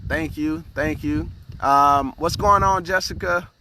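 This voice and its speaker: A man's voice: a little high, slow, pushed and bright, slight background noise. A man hosting a casual motivational live stream, speaking earnestly, repeating words and often asking "right?" as he greets viewers by name.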